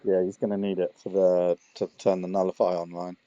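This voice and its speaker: A man's voice: sits low, level tone, fairly quick, dark tone, no echo. A man with a London accent co-commentating a card game match, casual and full of puns. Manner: jokey, punning. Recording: dull lo-fi stream audio.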